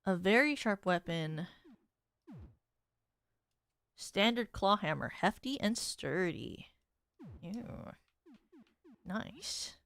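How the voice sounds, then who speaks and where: A woman's voice: mid-range voice, lively intonation, extremely slow, creaky, long pauses, fairly bright tone, dry recording, soft background music. Chatty woman streamer reading game text. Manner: chatty, reads game text aloud, swears and laughs when surprised. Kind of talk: casual gameplay commentary.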